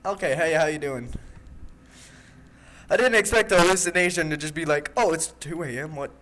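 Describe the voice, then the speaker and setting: Speaking a little fast in a sharp-toned voice on the high side, a gaming YouTuber narrates a horror game let's play through a desk mic. He stays jumpy and jokey, nervously talking back to the animatronics on screen.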